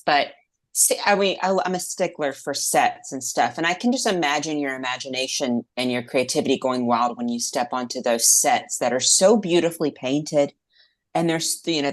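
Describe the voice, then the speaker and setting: Eager woman interviewer, lower voice. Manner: enthusiastic, eager questions. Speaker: interviewer, host. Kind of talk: casual interview chat.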